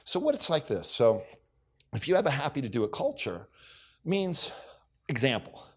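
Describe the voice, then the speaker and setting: A middle-aged man speaking at a business summit, mid-range in pitch. He tells personal anecdotes in a storyteller's way, slipping into quick impressions of coworkers and his wife, and keeps returning to a catchphrase. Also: big pitch swings, husky. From United States. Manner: storytelling, acts out dialogue, repeats catchphrases. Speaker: keynote speaker. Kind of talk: motivational keynote speech. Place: conference hall stage.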